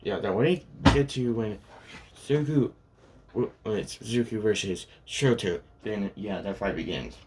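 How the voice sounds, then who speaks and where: A man's voice: lowish voice, a little slow, background noise. A man casually retelling a fan story, rambling and filling gaps with "and yeah" and "pretty much".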